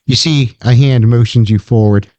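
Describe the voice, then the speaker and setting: A man's voice: medium pitch, normal speed, darkish tone, no room sound, highs cut off. A man narrating as game master of a tabletop game, casual and calling for dice checks.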